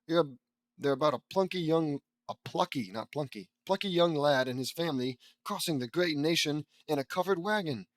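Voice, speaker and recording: A young man reading a fan fiction audiobook aloud, stumbling over words and mocking the text in casual asides, louder on character lines. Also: fairly high pitch, no echo. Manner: flat tags, bursts louder on character lines.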